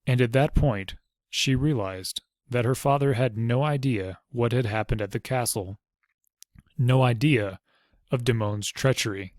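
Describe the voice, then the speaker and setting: A man narrating an audiobook in a steady, even storytelling manner. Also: mid-range voice, unhurried, no room sound, studio quality.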